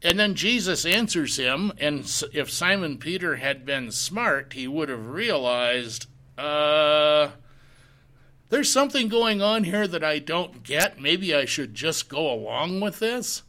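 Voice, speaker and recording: A man delivers a verse-by-verse sermon at an unhurried, measured pace. His voice is bright and a bit higher than usual, and he pauses to put rhetorical questions to his listeners. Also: animated. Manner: slow, deliberate, reads scripture in old-fashioned wording. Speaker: pastor. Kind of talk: sermon, verse-by-verse Bible teaching.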